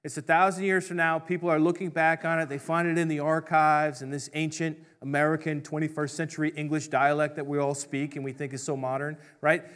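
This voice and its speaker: Pastor preaching a casual, jokey sermon. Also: male voice, on the high side, little pitch movement, brisk, few pauses, fairly bright tone. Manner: conversational, jokey storytelling with voiced asides.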